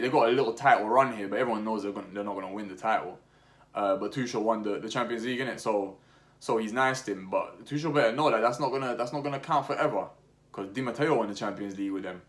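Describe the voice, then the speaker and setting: A young man talking casually about football as a podcast host, full of slang, restarts and fillers. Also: on the low side. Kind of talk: casual opinionated chat.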